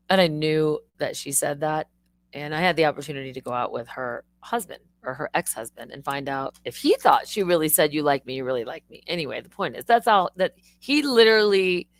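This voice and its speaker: A woman live streaming, chatting casually in an excitable, rambling way, swearing and laughing often. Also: low voice, no room sound.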